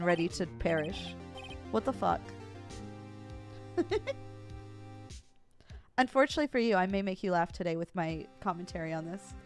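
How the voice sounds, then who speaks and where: A woman's voice: mid-range voice, very animated, measured pace, long pauses, soft background music. A woman streamer giving playful, laughing, self-deprecating commentary on a video game, her voice strained. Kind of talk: casual gameplay commentary.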